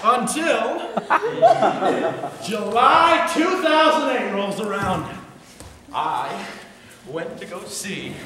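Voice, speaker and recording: A young man performing a one-man show monologue on a university stage, animated and self-deprecating, often breaking into excitable outbursts. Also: high voice. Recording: echoey hall, distant mic, noise.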